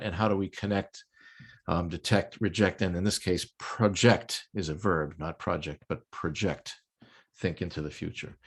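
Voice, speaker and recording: Older male lecturer, slightly low voice, explanatory conference-talk delivery, light humor. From United States. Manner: explanatory, occasional filler ums, light joking. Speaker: lecturer presenting to a project management chapter.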